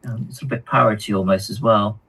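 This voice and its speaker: A man co-hosting a hobby live stream, reading viewer comments aloud in a halting, chatty way with lots of ums and repeated words. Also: fairly low pitch, fairly even intonation, vocal fry, fairly bright tone, breathy edge, rough recording. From United Kingdom.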